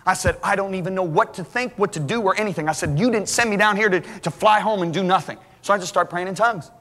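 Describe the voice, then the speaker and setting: A middle-aged man preaching a sermon as a lively story, acting out the dialogue. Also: high voice, fast. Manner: animated, acts out dialogue, restarts. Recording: hall reverb.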